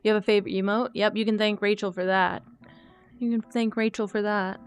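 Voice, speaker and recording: A woman's voice: medium pitch, steady tone, fairly quick. A young woman streaming a game, chatting in a candid, rambling way, thinking aloud and answering chat. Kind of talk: casual live-stream chat while gaming. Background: faint guitar music.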